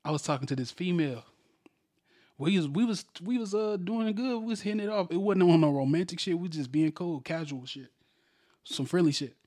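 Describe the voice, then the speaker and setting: A man's voice: high-pitched, animated, a little fast, warm tone. A young man co-hosting a casual podcast, telling a story loosely with slang and lots of profanity. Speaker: podcast co-host.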